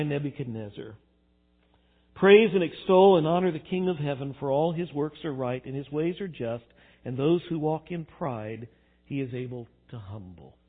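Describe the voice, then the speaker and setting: A man preaches with lively swings between hushed, reflective passages and loud, emphatic bursts. His voice sits a little high for a man. The recording is thin and tinny, like a phone line. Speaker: pastor. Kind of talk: sermon.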